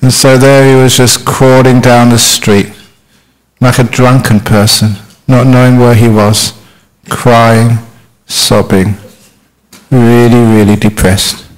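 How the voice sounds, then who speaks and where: A man's voice: medium pitch, steady tone, slow, low-quality recording. A man giving a humorous Buddhist talk as a monk teacher, telling stories playfully with self-mocking humour.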